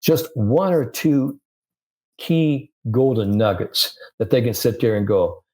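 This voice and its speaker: Older man spinning an animated story. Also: mid-range voice, slow pace. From United States. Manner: animated storyteller, many "you know" fillers. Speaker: sports psychologist, guest. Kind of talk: casual storytelling interview.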